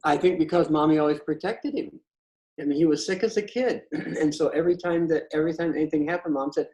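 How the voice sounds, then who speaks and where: A man's voice: fairly high pitch, quick pace, a little mellow, muffled recording. A man talking in a casual, conversational storytelling style, blunt and profane, often stammering and restarting his sentences. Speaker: patio chat host.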